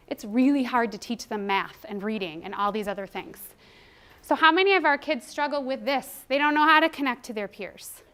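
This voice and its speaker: A woman giving a training presentation to a roomful of people, animated and acting out quotes from children and teachers. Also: high voice, clean tone.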